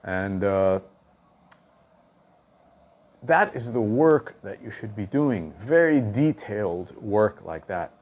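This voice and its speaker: A man's voice: lowish voice, animated, slow pace, pauses often, a little mellow, highs cut off. A male drum instructor explaining stick technique, counting and calling out stickings and checking in with "okay?" after each point. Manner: counts and calls out stickings aloud.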